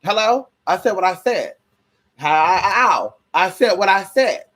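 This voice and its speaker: A woman's voice: mid-range voice, lively intonation, takes it slowly, a bit bright. A woman ranting to her viewers in a heated, profane, sassy way, repeating rhetorical questions. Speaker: vlogger.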